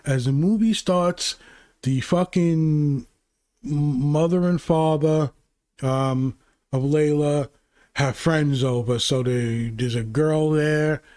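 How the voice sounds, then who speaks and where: Brief: male host, fairly high voice, rambling and profane film recap, dry close sound. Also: slow, no room sound. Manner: profane, rambling, excitable storytelling. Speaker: channel host. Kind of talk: casual movie recap.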